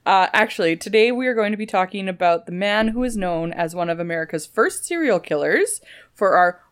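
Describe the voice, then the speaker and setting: A woman co-hosts a casual podcast, telling stories with a playful, animated manner. Her voice sits at a middle pitch but swings up and down a lot. She keeps the chat loose and teasing. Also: brisk, clear, resonant tone. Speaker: podcast co-host.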